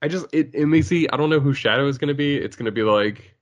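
An excitable man in casual podcast chat, laughing often and tossing in silly impressions. His voice sits at an everyday middle pitch. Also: fast talker, lo-fi sound. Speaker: podcast co-host.

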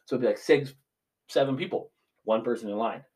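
A man's voice: medium pitch, fairly quick, darkish tone. A young man in his twenties ranting casually as a podcast co-host, swearing freely. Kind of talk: casual chat.

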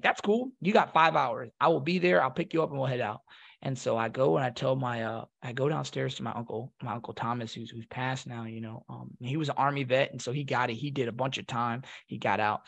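A man's voice: mid-range voice, gravelly, slightly rough. A young man casually telling a story as a podcast guest, acting out the other voices as he goes. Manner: animated, acts out quoted voices.

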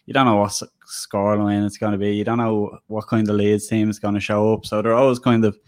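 A man's voice: on the low side, level tone, a little fast, darkish tone. A young man co-hosting a football podcast, laid-back and dryly teasing his co-host. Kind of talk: casual football podcast chat.

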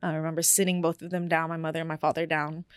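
A woman's voice: low voice, level tone, quick pace, clean tone, no room sound, studio quality. A young woman on a podcast, candidly telling a personal story in casual chat, with many fillers. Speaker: podcast co-host.

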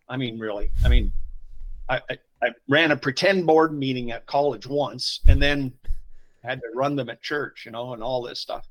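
A middle-aged man, a pastor telling personal stories in an interview, swinging from quiet asides to loud emotional bursts. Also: medium pitch, rough recording. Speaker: pastor, podcast guest. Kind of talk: conversational storytelling interview.

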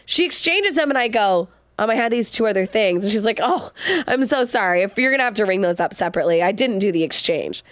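A woman's voice: medium pitch, fast, hardly any pauses, dry recording, studio quality. A pregnant woman in her thirties co-hosting a podcast, telling stories with lots of laughter and acted-out quotes. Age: 30s. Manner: animated storyteller, acts out quotes, laughs a lot. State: heavily pregnant. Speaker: podcast co-host. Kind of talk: casual chat.

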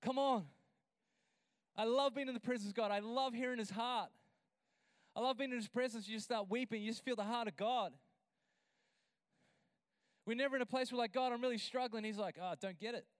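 A man preaching a sermon as a pastor, building to emphatic, drawn-out lines and breaking into chatty asides with a laugh. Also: extremely high pitch, steady tone, clear, resonant tone, dry recording, clean studio sound.

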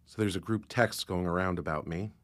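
A man's voice: deep voice, brisk, a bit bright, slight background noise. A man performing a shaken young man recounting his trauma in tense, fragmented lines of a spoken word drama. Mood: anguished. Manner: tense, fragmented confessional delivery. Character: young man shaken after being outed and assaulted.

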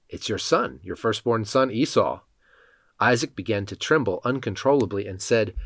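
A man giving a measured, even reading of Bible passages, speaking the quoted lines in his own voice. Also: fairly low pitch, no room sound. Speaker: scripture reader.

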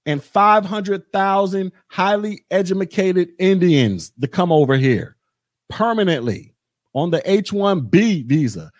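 A man's voice: high voice, lively intonation, a little slow, no echo, clean studio sound. Blunt, ranting man on a podcast. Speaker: podcast host. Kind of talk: political commentary monologue. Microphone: podcast mic.

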